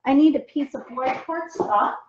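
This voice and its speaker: Her voice sits high and moves at a moderate pace as this woman, a craft demonstrator and team leader, chats to viewers during a live-streamed craft demo, grammar loose and ums frequent. Captured by the stream's device mic, the sound is lo-fi with slight background noise.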